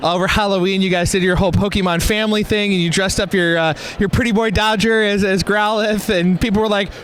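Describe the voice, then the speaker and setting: A man's voice: high voice, steady tone, fast talker, a bit bright. A man interviewing a guest at a convention, asking friendly questions with fillers and restarts.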